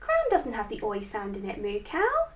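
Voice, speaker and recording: A woman teaching phonics to young children, sounding out each word slowly and clearly. Her voice is high and swoops widely in a sing-song way. The voice sits back from a distant mic. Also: wildly swooping pitch, slight background noise.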